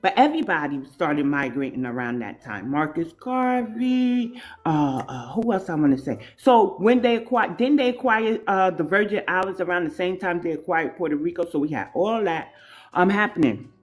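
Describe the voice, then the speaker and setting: A woman's voice: fairly low pitch, expressive, normal speed. A woman speaking on an online panel, talking casually with rhetorical questions. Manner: conversational, rhetorical questions, many fillers.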